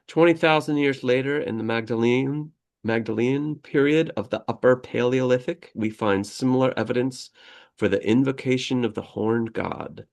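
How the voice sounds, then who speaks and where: A man's voice: mid-range voice, creaky. A man co-hosting a casual podcast, reading history aloud and drifting into rambling asides with frequent laughter. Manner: rambling, digressive, laughs often. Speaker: podcast co-host.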